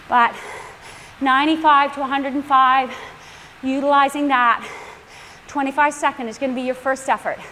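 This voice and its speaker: A woman's voice: high voice, a bit bright, in a large hall, slight background noise. A woman coaching an indoor cycling class, chatty and instructive, laughing often between cues.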